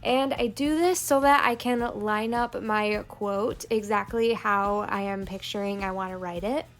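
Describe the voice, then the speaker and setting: A woman narrating a plan-with-me planner video, calmly explaining each crafting step. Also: mid-range voice, measured pace. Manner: calm step-by-step crafting walkthrough. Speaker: planner vlogger. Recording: soft background music.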